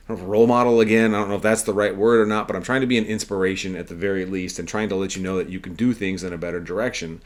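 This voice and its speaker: Podcast host, a man with a slightly low voice, earnest and conversational, rambling monologue. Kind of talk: casual storytelling monologue.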